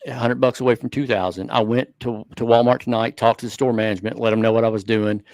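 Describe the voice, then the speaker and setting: A man co-hosting a hobby talk show, speaking earnestly and thinking out loud in casual chat. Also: mid-range voice, fairly even intonation, fast talker, dry recording. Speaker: show co-host.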